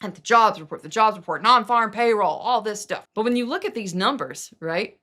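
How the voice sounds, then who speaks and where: A middle-aged woman talks straight to her viewers in a casual commentary. She rants with emphasis and sarcasm and drops mocking asides. Her voice sits at an ordinary pitch for a woman. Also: animated, a little fast, pushed and bright. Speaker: political commentary vlogger.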